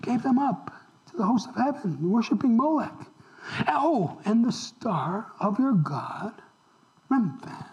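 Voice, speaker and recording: A man's voice: extremely high pitch, rough recording. A man preaching a sermon, talking straight to the congregation and asking them questions. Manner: animated, asks the congregation questions. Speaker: pastor.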